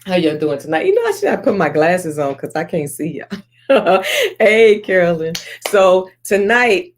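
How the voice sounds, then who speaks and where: A woman's voice: fairly low pitch, big pitch swings, normal speed, a little hiss or hum. A woman in midlife hosts a live-streamed talk show. She is encouraging and a little preachy, using call-and-response phrasing. She keeps greeting viewers by name as they join. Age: middle-aged. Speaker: host.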